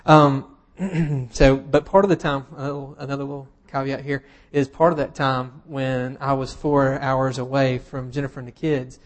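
A man preaching a sermon in a relaxed, conversational way, with wry humorous asides and plenty of fillers. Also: medium pitch, moderate pace. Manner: casual and self-deprecating, with humorous asides and frequent fillers.

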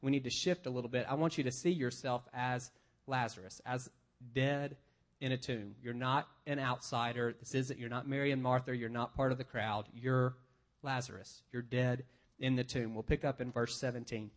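A man's voice: medium pitch, fairly even intonation, normal speed. A man, a pastor, preaching a conversational sermon, reading scripture aloud and explaining it with everyday examples.

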